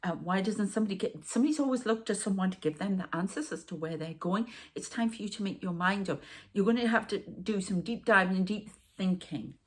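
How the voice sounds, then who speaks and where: Speaking fairly quickly in a mid-range voice, this tarot reader and medium is a middle-aged woman from northern England. Her channelled reading rambles as she turns between the viewer and side remarks to spirits.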